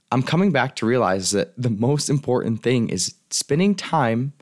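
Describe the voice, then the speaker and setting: A male coach in a solo podcast monologue, speaking in a lowish voice at a quick clip. He is casual and earnest, and tosses in the occasional swear word. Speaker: life and business coach.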